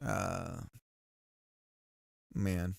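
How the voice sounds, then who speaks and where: A man's voice: low voice, level tone, drawn-out words, gravelly, dry recording, studio quality. A man chatting casually on a livestream while working on a game, rambling and laughing often, with many restarts. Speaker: streamer.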